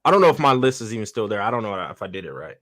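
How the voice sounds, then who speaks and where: A man's voice: fairly low pitch, big pitch swings, very fast, fairly bright tone, no echo. Laid-back male podcast co-host, dry sound. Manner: laid-back, slangy, repeats himself. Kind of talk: casual chat.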